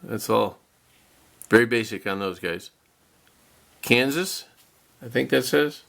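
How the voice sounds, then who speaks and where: A man's voice: mid-range voice, slow pace, creaky, fairly bright tone. A man casually narrating a model car kit unboxing, chatty and rambling, with self-deprecating chuckles.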